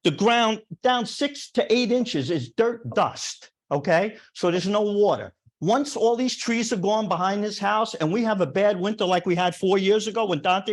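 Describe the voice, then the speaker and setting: An older man speaking up at a town planning board meeting. He is plainspoken and emotional, circling back over the same points. His voice sits a bit high for a man. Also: normal speed, hardly any pauses. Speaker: resident speaking at a public hearing. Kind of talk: impassioned public comment.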